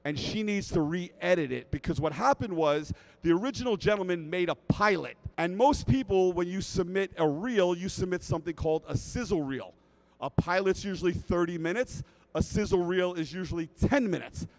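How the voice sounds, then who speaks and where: A middle-aged man telling a comic story to a live audience at a convention, animated and often checking in with "right?". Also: high voice, brisk, poor audio. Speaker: speaker at a fan convention.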